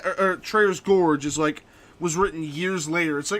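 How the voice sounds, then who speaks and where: A young man streams a game, his fairly bright voice on the high side, fairly quick and fairly even in intonation. He chats casually, swearing freely and ranting about books he has read.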